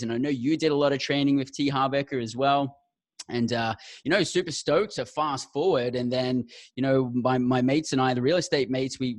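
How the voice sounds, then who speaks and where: Enthusiastic podcast host, dry sound. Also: male voice, medium pitch, dry recording. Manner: enthusiastic, effusive, says "awesome" and "mate". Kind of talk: casual interview chat.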